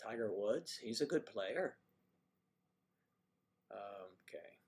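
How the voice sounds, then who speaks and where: A man's voice: lowish voice, animated, extremely slow, a little mellow. A man from the Washington DC area with no marked accent, casually chatting on a livestream, reading viewers' comments and cracking jokes. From Washington DC area, USA. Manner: joking, chatty, teasing the audience. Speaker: livestream host reading chat.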